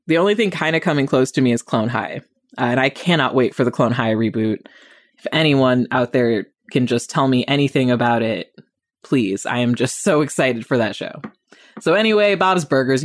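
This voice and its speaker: A woman hosting a casual TV review podcast, talking in an opinionated, animated way with lots of rambling asides. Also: very deep voice, no room sound, studio quality.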